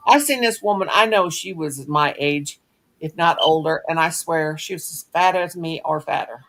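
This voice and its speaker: A woman's voice: on the low side, moderate pace, fairly bright tone. Middle-aged woman, folksy earthy host on a craft stream. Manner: folksy storyteller, earthy and blunt. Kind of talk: casual chat on a live stream.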